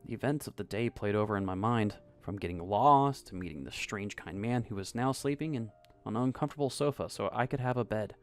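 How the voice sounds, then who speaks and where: A man narrating a scripted first-person story in a soft, even storytelling voice. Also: fairly low pitch, fairly quick. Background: faint music.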